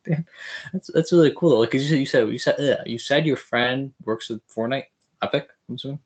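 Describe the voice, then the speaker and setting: A man's voice: mid-range voice, brisk. A man hosting a podcast interview, teasing his guest and talking loosely with repeated fillers. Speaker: podcast host. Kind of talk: casual interview chat.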